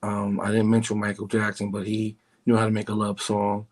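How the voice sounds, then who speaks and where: A middle-aged man with a New York accent, calm and smooth, talking as a guest on a casual radio show from his home. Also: on the low side, brisk, rough recording. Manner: calm, smooth, laid-back. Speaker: guest singer and producer.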